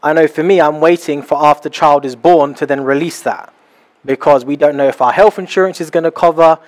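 A young man preaching a sermon in a small house church, animated and acting out little scenes as he talks. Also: a little high, brisk. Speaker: pastor.

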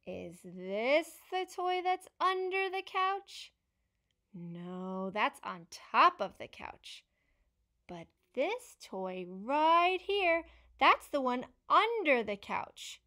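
A young woman who is a speech-language pathologist reads a picture book to children, speaking slowly and encouragingly as she asks questions and praises their answers. Her voice is high-pitched and a bit bright.

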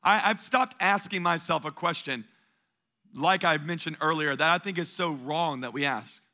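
Bright, high-voiced man preaching. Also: normal speed. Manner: call-and-response preaching, repeats phrases for emphasis. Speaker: pastor. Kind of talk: sermon. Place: church sanctuary, before a congregation.

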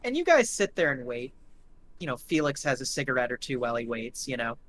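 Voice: medium pitch, very animated, fairly quick, fairly bright tone, a little hiss or hum. A game master narrating a tabletop game in a casual, rambling way, full of fillers and swearing.

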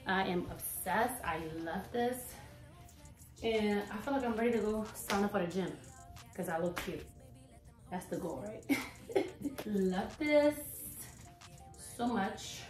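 A woman's voice: mid-range voice, expressive, slow pace, pauses often. A woman vlogging a casual try-on haul, chatty and playful, a little out of breath, talking to a camera mic at a distance in a room at home. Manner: chatty and playful, hyping herself up. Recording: roomy echo from far off, faint music.

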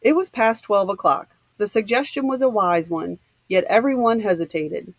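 A woman reading a novel aloud in an even, measured narration. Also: mid-range voice, no echo, rough recording. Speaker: audiobook reader.

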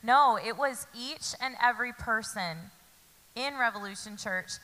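Bright-voiced pastor's wife. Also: female voice, fairly high pitch, a little slow. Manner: affirming, supportive interjections. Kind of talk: sermon. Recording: church hall reverb.

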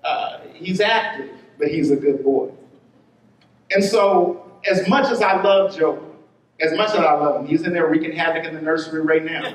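A man preaching a sermon as pastor, telling a story with quick bursts and drawn-out words. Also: on the high side. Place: church sanctuary. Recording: roomy church hall, voice from a distance.

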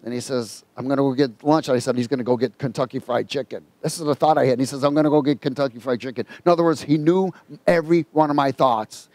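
A man preaching a sermon, telling a personal story in a folksy, colloquial way and reading scripture slowly and emphatically. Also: mid-range voice, steady tone, darkish tone, no echo.

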